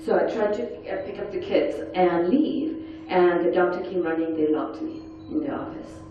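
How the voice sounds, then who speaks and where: A woman's voice: fairly low pitch, normal speed, faint music behind. Woman testifying in an echoey hall. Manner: earnest storytelling, quiet and intense. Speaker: panel speaker. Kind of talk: personal testimony talk. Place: large conference hall. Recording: echoey, dull hall sound from far off.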